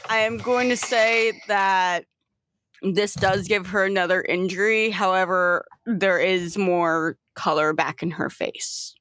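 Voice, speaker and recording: A woman runs a casual tabletop game as game master, in an unhurried, laid-back way. The sound is dry and close to the mic. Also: mid-range voice, fairly bright tone, no room sound.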